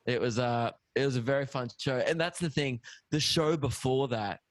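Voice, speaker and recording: A man's voice: medium pitch, normal speed, dry recording. A young man, a stand-up comedian, telling gig stories in casual chat with frequent laughs and swearing. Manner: animated storytelling, laughs often, swears.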